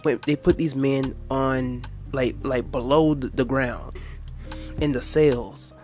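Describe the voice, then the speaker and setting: A man's voice: mid-range voice, slow pace, darkish tone, faint music behind. A man hosting a reaction video, lecturing in a preachy way, quoting scripture with crude asides.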